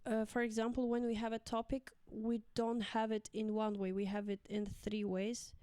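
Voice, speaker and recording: Young woman teacher telling class stories as a guest, crisp voice, dry close sound, higher range. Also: level tone, normal speed, warm tone, dry recording. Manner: chatty, acts out quotes of pupils with laughs. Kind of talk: casual conversation.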